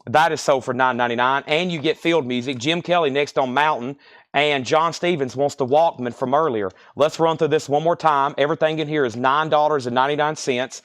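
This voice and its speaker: Fast-calling man auctioning records. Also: fairly high pitch, fairly bright tone, no echo, clean studio sound. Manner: rapid-fire, repetitive calls of sales and prices. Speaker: live-stream record seller. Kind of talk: live auction patter.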